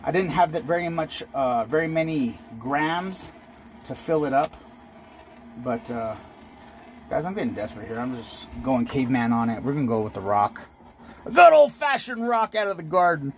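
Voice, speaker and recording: A jewelry maker with a mid-range voice talks at normal speed, with slight noise in the background. Working in his home workshop, he casually guides viewers through casting, calls them "guys" a lot, and jokes at his own expense.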